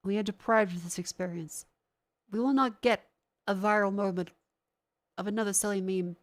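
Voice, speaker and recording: A woman's voice: medium pitch, fairly even intonation, normal speed, slight background noise. A young adult woman, ranting to her stream chat in a heated, sarcastic way, swearing often and sounding congested from a sinus infection.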